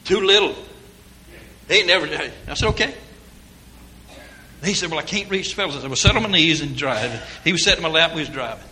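A man's voice: fairly high pitch, expressive, a little fast, long pauses, bright, forceful tone, slight background noise. A man, preaching a sermon through rambling folksy stories in down-home grammar. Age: 60s.

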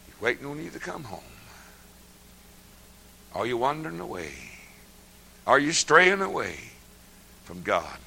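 An older man preaching a sermon, folksy and laughing often, swinging from hushed murmurs to loud shouts. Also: a little high, sing-song, unhurried, creaky, pauses often, slight background noise, rough recording.

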